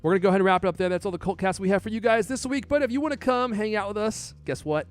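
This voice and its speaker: A man's voice: sits high, very fast, soft background music. A man hosting a podcast in a casual, joking, chatty way. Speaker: podcast host.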